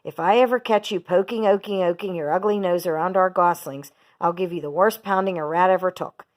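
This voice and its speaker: A woman's voice: lowish voice, brisk, natural voice. A woman voicing a proud, protective male gander in a read-aloud storybook, stern and threatening.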